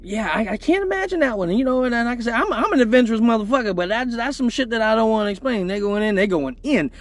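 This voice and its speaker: Male livestream host, high voice, casual and profane storytelling, laughs a lot, repeats himself. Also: animated, fast, no room sound. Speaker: exotic dancer hosting a weekly live show.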